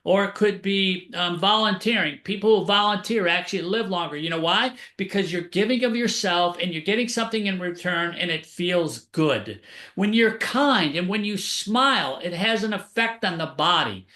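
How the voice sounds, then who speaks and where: A man's voice: high voice, normal speed, sharp tone, reverberant. A man, an author and keynote speaker, telling upbeat motivational stories as a radio interview guest.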